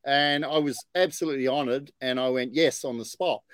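A man's voice: mid-range voice, fairly even intonation, brisk, fairly bright tone, smooth, no echo. A man hosting a casual podcast chat, boisterous and enthusiastic. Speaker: podcast host.

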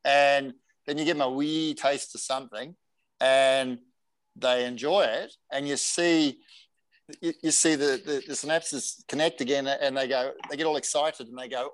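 A man's voice: mid-range voice, normal speed, dry recording, low-quality recording. A man hosting a casual chat, telling stories and quoting people with energy. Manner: storytelling, animated quoting. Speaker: host.

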